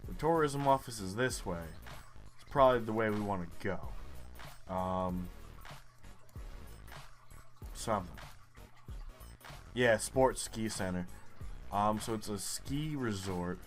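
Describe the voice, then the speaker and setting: A man's voice: fairly low pitch, takes it slowly, long pauses, faint music behind. A young man giving profane, frustrated commentary while playing a geography guessing game. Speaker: gaming YouTuber. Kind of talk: live gameplay commentary.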